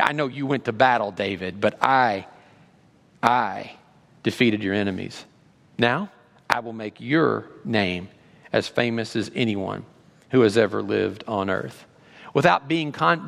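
A male pastor preaching a sermon, animated, acting out God's words with rising emphasis. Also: medium pitch, gravelly. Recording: long reverb of a large hall.

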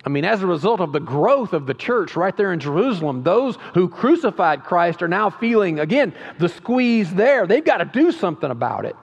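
A man's voice: sits high, very animated, normal speed, creaky, hardly any pauses. Pastor, male, conversational sermon delivery that climbs to emphasis; long church reverb. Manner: conversational preaching with emphatic rises and frequent restarts. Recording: dull lo-fi sound with long hall reverb.

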